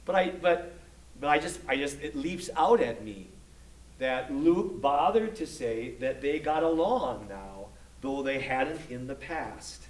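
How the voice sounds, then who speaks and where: This Bible study instructor has a mid-range, animated voice and speaks at an unhurried pace while lecturing his class on scripture. Recorded from afar in an echoey room, he often starts sentences over and checks in with "okay?" between points.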